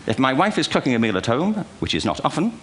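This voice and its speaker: A man's voice: medium pitch, very animated, fast, a bit bright. An older man giving a humorous keynote lecture to a live audience, full of wry, self-deprecating anecdotes and asides. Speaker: speaker giving a talk. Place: large auditorium before a live audience.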